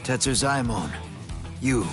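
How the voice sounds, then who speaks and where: A man's voice: mid-range voice, expressive, takes it slowly, music in the background. An actor playing a cocky, easygoing young male swordsman in a video game, teasing his friend.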